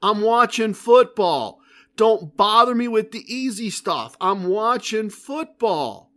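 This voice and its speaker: A man's voice: high voice, expressive, takes it slowly, a bit bright, pitched above the performer's own voice, exaggerated voice. A man voicing a jovial male casino pit boss who brushes people off in a joking, dismissive way.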